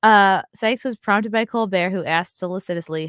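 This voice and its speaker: A woman's voice: medium pitch, normal speed, a bit bright, smooth, no echo, clean studio sound. A woman hosting her own show, reading news stories aloud and breaking off for sarcastic, profane, scornful asides. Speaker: host.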